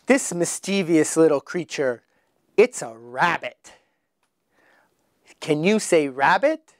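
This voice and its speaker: Man, phonics teacher, very slow delivery, lively rising pitch, dry close sound. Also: dry recording. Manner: slow, sounds out letters with exaggerated emphasis. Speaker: English teacher. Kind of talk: children's phonics lesson.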